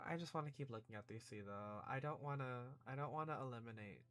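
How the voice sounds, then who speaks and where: A man's voice: medium pitch, fairly quick, a bit bright. A man streaming a game, rambling and swearing in casual commentary, often cutting himself down. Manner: rambling, swearing, self-deprecating.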